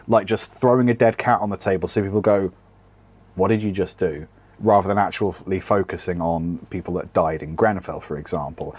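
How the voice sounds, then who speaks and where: Low husky guy on a comedy podcast, sarcastic and rambly, swears a lot. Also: a little mellow. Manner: sardonic, rambling, swears freely. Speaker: podcast co-host. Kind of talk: casual comedic chat.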